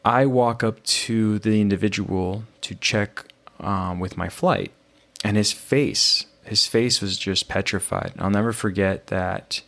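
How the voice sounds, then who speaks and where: A man hosting a podcast, telling a personal story in an animated way, often restarting his phrases. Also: fairly low pitch, slow, vocal fry. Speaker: podcast host. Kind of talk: conversational storytelling.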